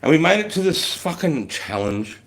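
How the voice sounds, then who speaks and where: A man's voice: a little high, big pitch swings, moderate pace. An Australian man in his thirties, a former army instructor, telling stories in a casual live stream with blunt, heavily profane speech.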